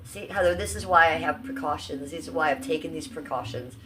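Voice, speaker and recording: A woman's voice: low-pitched, brisk, fairly bright tone. A woman hosting a casual livestream from home on a phone microphone, chatting with viewers and her pets. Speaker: livestream host. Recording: roomy, distant phone audio, faint noise.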